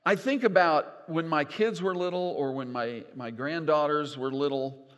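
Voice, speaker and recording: An older man preaching a sermon as pastor, animated and folksy with gentle humor. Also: on the high side, moderate pace. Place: church sanctuary. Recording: long church reverb.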